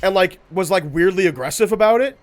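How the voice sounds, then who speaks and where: A man's voice: high voice, fairly quick. A young man streaming a game, chatting casually and rambling with lots of filler words and giggles. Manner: animated, giggly, rambling with many "like"s. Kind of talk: casual chat while gaming.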